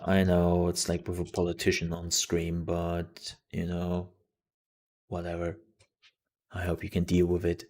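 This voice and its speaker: Low-voiced guy streaming, talks kinda slow, lots of likes and ums. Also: monotone, darkish tone. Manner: rambling, with many fillers and restarts. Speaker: streamer and news show host. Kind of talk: casual live-stream chat.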